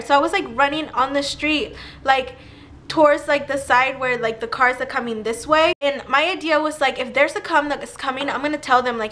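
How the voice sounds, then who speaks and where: A young woman telling a personal story to camera in a chatty, animated way, with "like" all through her talk. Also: sits high, normal speed. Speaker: vlogger. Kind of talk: casual storytime.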